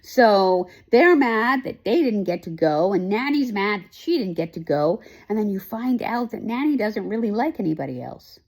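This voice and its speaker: A woman talks through a TV show she has been watching, in a loose, casual way. She rambles and restarts often, and her voice sits in a middle pitch. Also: big pitch swings, moderate pace, hardly any pauses, a little mellow. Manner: emotional, rambling, many fillers and restarts. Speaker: host. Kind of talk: casual chat, recapping a TV show.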